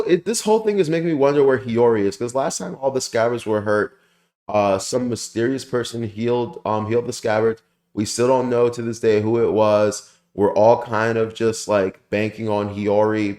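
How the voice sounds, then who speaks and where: Rambling young man, low voice, echoey room. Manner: rambling and excitable, many fillers, casual swearing. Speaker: anime review channel host. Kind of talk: casual spoken manga chapter review.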